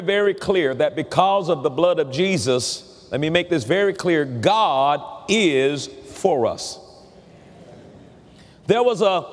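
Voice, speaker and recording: A pastor preaching a sermon, slow and emphatic, leading his listeners in call-and-response. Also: a little high, big-room sound.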